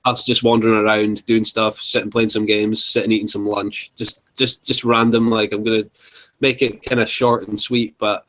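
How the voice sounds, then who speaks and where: A man's voice: fairly low pitch, level tone, moderate pace, fairly bright tone, rough recording. Young man, live-chat co-host, chatty and giggly, filler-heavy. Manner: chatty, laughs often, lots of fillers. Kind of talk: casual chat.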